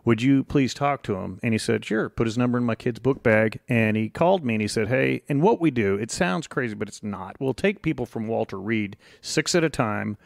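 A middle-aged man, a guest on an interview show, telling rambling stories in a relaxed, casual way and quoting other people as he goes. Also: mid-range voice, a little fast, vocal fry, hardly any pauses, no echo, clean studio sound. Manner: relaxed, rambling anecdotes with quoted voices.

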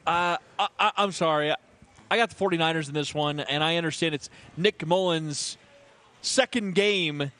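High-voiced radio guy hosting live sports talk, upbeat, laughs a lot. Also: pushed and bright. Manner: upbeat, laughs easily, quick plugs. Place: live broadcast from a burger bar.

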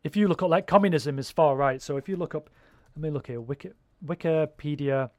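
A man's voice: fairly high pitch, a little fast, no room sound, clean studio sound. A man in casual chat, rambling and swearing freely as he talks.

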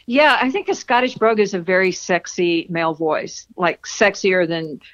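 A woman's voice: lowish voice, normal speed, a bit bright, muffled recording. A woman novelist answering interview questions in a friendly, easygoing way, laughing easily. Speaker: romance novelist guest.

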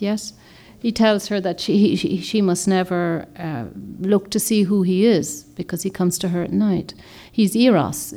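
A woman's voice: lowish voice, mellow. Rambling woman speaker. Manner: meandering, searching for words, many restarts. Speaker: author and speaker. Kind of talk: reflective talk to a group.

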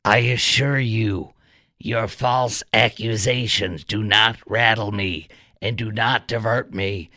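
A man doing an impression of a male cabinet official, speaking slowly and deliberately in a lowered voice. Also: steady tone, sharp tone, no room sound, clean studio sound, heavily acted. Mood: stiffly formal. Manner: slow, deliberate, lowered delivery.

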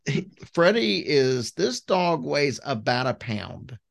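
A man's voice: mid-range voice, very animated, slow, creaky. A man co-hosting a podcast in an easygoing, rambling casual chat. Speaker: podcast co-host.

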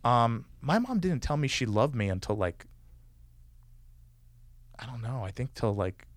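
A man's voice: mid-range voice, sing-song, a little slow, no echo. A man telling a personal story in a casual podcast conversation. He talks loosely and fills his sentences with "like" and "you know". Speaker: guest.

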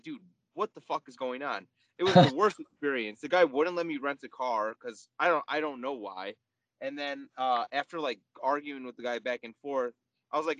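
Animated, cursing young man telling stories. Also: on the high side, no room sound, rough recording. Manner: animated, swearing storyteller. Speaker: podcast co-host. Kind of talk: casual chat.

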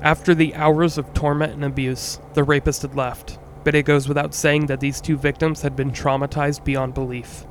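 A man narrates a true-crime story in a measured, earnest way and now and then adds a wry aside of his own. His voice sits a little higher than most men's. A faint hiss runs under the recording. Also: little pitch movement. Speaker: podcast host.

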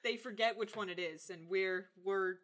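A woman's voice: mid-range voice, moderate pace, fairly bright tone. Bubbly, jokey young woman. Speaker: podcast co-host. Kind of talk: casual chat.

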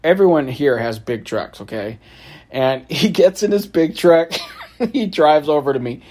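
A man's voice: a little high, moderate pace. A man telling a story from his travels in a casual, wry way, often laughing and acting out the back-and-forth. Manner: laughs often, animated storytelling with quoted exchanges; sarcastic, wry.

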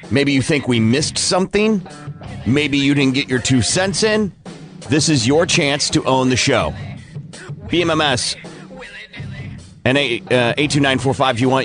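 A man's voice: mid-range voice, expressive, moderate pace, fairly bright tone, faint music behind. A man hosting a morning radio show in casual chat, upbeat and taking listener calls. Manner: upbeat, laughs easily, takes calls.

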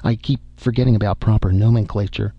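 A man putting on a crisp, deferential female secretary. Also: on the low side, fairly even intonation, fast, no room sound. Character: efficient loyal female secretary. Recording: dull muffled audio.

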